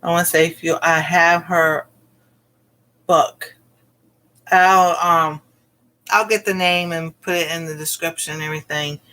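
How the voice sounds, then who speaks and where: Woman, home cooking vlogger, bright forceful voice, rambling casual storytelling on a livestream. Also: on the low side, steady tone, unhurried, pauses often. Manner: rambling, with many fillers and exclamations.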